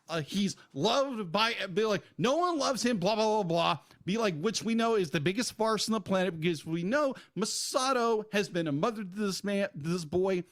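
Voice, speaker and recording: A man's voice: high voice, gravelly, fairly bright tone. A man co-hosting a podcast, ranting heatedly about a show he is reviewing. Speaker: podcast co-host. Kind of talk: casual review chat.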